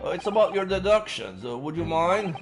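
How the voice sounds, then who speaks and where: An earnest young lawyer protests in a flustered, exasperated way, as a man voices him a bit higher than his own voice. Game music runs underneath. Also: sing-song, fairly quick. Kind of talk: reading game dialogue aloud on a live stream.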